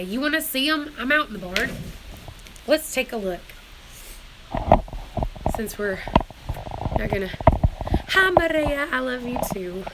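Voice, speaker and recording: A woman's voice: medium pitch, background noise. Tearful woman chatting from a barn. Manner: emotional, tearful, rambling. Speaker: homestead vlogger. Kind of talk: casual live stream chat.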